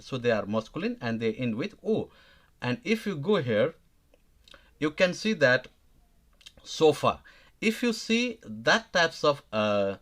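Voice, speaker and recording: Man teaching a halting online lesson. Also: medium pitch, a bit bright. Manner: halting, many fillers and restarts, checks in with "okay?". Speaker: language teacher. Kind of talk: live online grammar lesson.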